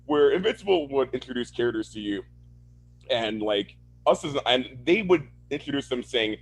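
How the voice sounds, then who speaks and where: A man's voice: medium pitch, expressive, moderate pace, vocal fry. A man co-hosting a podcast, ranting casually with lots of swearing and laughter. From Florida, USA. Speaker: podcast co-host. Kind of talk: casual chat.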